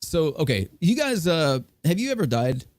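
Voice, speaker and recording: A man's voice: a little high, sing-song, normal speed, darkish tone, no room sound. A man hosting a casual podcast chat, rambling with lots of fillers and restarts. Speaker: podcast host.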